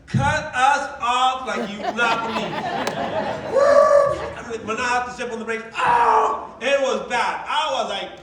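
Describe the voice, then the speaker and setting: A man, a coach and motivational speaker, tells personal stories to a live audience in an animated, emotional way. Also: very high voice, over a noisy crowd, very noisy. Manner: animated, emotional storytelling with shifting volume and quick asides. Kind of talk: storytelling talk to a live audience. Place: large event room. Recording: echoey hall, distant mic, audience nearby.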